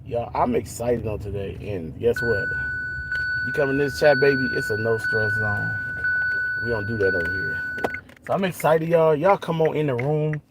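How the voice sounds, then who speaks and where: A man's voice: medium pitch, normal speed. Upbeat man talking from his car. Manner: upbeat, greets viewers by name, folksy "y'all". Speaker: vlogger. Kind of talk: casual live-stream chat. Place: in a moving car. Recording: road noise from driving car. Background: car road noise.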